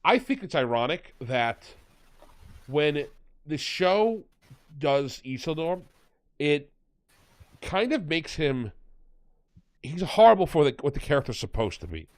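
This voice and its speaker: A man's voice: fairly high pitch, very animated, unhurried, long pauses, no room sound. A man hosting a podcast, recapping and mocking a fantasy series in casual, rambling, sarcastic chat. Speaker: podcast host.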